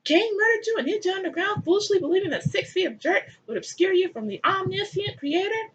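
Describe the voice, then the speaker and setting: A woman's voice: very high voice, expressive, fairly quick, muffled recording, a little hiss or hum, pitched above the performer's own voice. A woman voicing a bratty, petulant male God, snotty and sarcastic, in a comic retelling. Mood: snide.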